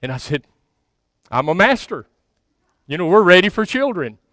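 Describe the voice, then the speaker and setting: A man in his sixties preaches in a folksy, self-mocking manner, often stammering and restarting his sentences. His voice sits high and sounds smooth and resonant. The sound is dry and close. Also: big pitch swings, moderate pace, fairly bright tone, dry recording. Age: 60s. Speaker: pastor. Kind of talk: storytelling sermon.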